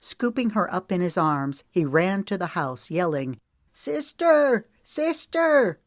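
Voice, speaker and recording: Her voice lowish, a female audiobook narrator tells the story at an even, measured pace. It's a studio-quality recording with no echo.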